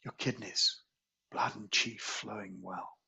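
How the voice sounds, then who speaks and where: Gravelly, husky male qigong teacher. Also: on the low side, steady tone, pushed and bright. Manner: slow, soothing, repetitive phrasing. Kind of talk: guided healing meditation.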